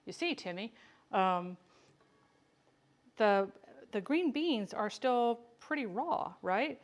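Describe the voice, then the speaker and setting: A woman's voice: fairly high pitch, animated, slow pace. Woman yakking to her viewers while canning, jokey and goofy with herself. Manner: chatty, joking, self-teasing, talks to viewers by name. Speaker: home canning vlogger. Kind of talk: casual cooking livestream chat.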